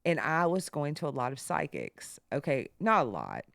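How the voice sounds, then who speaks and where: A woman with a fairly low voice telling stories on a podcast. Her pitch swings widely, and it leaps up whenever she acts out what someone else said. The recording is dry and close. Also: moderate pace, creaky, dry recording. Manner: animated, jumps high when quoting others. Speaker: podcast co-host. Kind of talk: casual storytelling chat.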